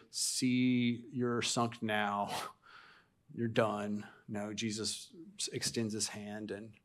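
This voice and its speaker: A man preaching a sermon as a pastor in a church, talking in a loose, conversational way with repeated restarts and rhetorical questions put to the congregation. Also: medium pitch. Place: church sanctuary.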